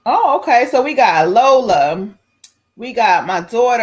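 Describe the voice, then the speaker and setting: Casting: middle-aged woman, psychic live-stream host, higher voice, lively and exclamatory. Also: measured pace, slightly rough. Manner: lively, loud exclamations and laughter.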